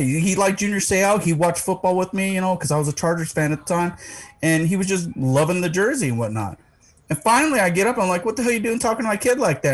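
A man's voice: fairly high pitch, husky. A man telling rowdy, profane stories in a casual podcast chat, laughing into his lines.

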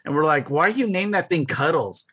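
A man's voice: fairly high pitch, expressive, normal speed, pushed and bright, breathy edge, dry recording. A man in casual chat who animates his stories by acting out voices, swearing casually.

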